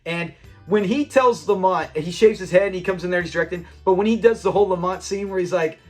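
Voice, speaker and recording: Man, high-pitched voice, casual fan commentary, rambling and enthusiastic, faint background music. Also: quick pace. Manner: enthusiastic and rambling, with frequent restarts and quoted lines. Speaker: channel host.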